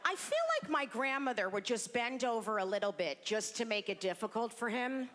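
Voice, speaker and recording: A brash woman comedian working a stage mic, her high, bright voice swinging widely in pitch. She tells jokes on herself with cheeky bluntness. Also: normal speed, long reverb tail, slight background noise. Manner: brash, self-deprecating, animated. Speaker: stand-up comedian. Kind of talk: stand-up comedy set.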